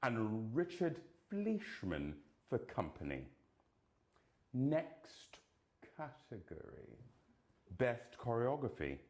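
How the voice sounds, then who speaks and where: A man announcing award nominations, reading the names deliberately and dropping playful, camp jokes between them. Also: medium pitch, huge pitch swings, a little mellow.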